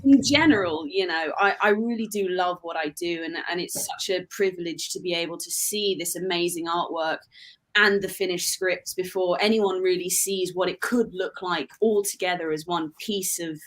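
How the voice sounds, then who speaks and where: An English woman speaking as a guest over a video call, with a fairly low voice. She talks in a friendly, self-deprecating way with light laughs. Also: moderate pace, rough recording. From England. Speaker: comic letterer, guest. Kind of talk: casual interview chat.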